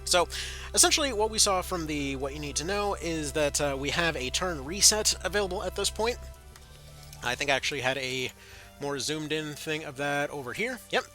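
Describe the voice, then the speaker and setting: A man's voice: fairly high pitch, normal speed, bright, forceful tone, faint music behind. A man hosting a casual gaming commentary video, rambling and sardonic with lots of fillers.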